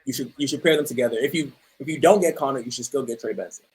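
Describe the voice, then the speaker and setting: A man with a husky, slightly rough voice chats casually about sports as a podcast co-host. He hesitates and repeats words as he goes, often pulling the talk back on track. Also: medium pitch, racing, darkish tone. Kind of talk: casual fantasy football chat.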